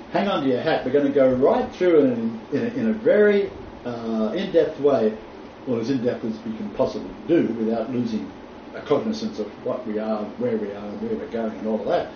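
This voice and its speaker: A man teaching a Bible class in a blunt, joking way, often laughing. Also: mid-range voice. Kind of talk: informal lecture. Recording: echoey room from far off, dull, faint noise.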